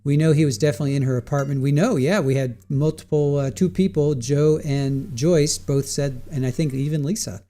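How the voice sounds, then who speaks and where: A man's voice: on the high side, fairly quick, hardly any pauses, dark tone. A man hosting a casual live stream, thinking aloud about trial testimony, restarting sentences and answering chat questions. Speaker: live trial commentary host.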